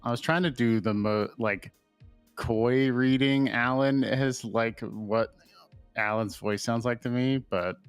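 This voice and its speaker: A man's voice: mid-range voice, fairly even intonation, slow, smooth, no echo, faint music behind. A man chatting casually during a visual novel read-along, rambling and joking in stop-start sentences. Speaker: co-reader. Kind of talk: casual chat.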